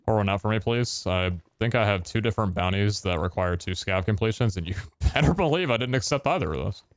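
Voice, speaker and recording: A man's voice: on the low side, animated, fast, dry recording. A man chatting casually and joking while playing a game with friends. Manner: laid-back, joking. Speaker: gaming youtuber. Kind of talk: casual gameplay chat.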